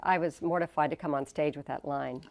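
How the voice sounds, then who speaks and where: A low-pitched woman in her sixties speaks as a guest in an interview. The sound is close and dry, with no room behind her. She tells her stories with animation, slipping into the voices of the people she quotes. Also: steady tone, quick pace, creaky, dry recording. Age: 60s. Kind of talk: casual storytelling interview.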